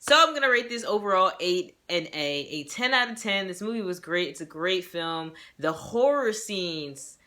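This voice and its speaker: A woman's voice: fairly low pitch, animated, moderate pace, hardly any pauses, pushed and bright. A young woman giving a casual movie review, gushing and rambling, laughing and acting out her own reactions. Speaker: movie reviewer and self-published author.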